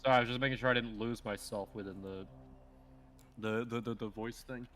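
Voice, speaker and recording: A man's voice: medium pitch, fairly even intonation, normal speed, fairly bright tone, soft background music. A man co-hosting a let's play, joking and teasing in casual banter.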